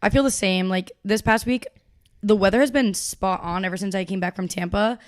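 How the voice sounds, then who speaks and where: A woman's voice: medium pitch, a little fast. Young female co-host, mid-range voice, casual and chatty. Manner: upbeat, chatty, casual slang. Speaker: podcast co-host. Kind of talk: casual chat.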